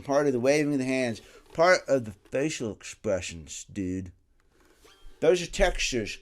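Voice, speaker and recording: A man giving a casual music lesson, animated and rambling, dropping to a soft voice and rising loud again as he explains. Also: mid-range voice. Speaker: music teacher. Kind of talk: casual instructional talk.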